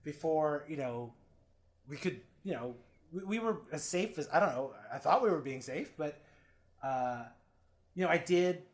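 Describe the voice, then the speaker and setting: In a podcast interview, a man relates frank stories about himself at a moderate pace. Loud, animated bursts give way to low, quiet passages, and he drops swear words freely while acting out what others said.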